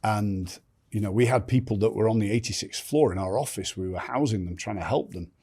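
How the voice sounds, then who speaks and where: A man's voice: on the low side, brisk, a little mellow, breathy edge. An older man telling his life story candidly as a podcast guest, blunt and swearing freely, often restarting sentences.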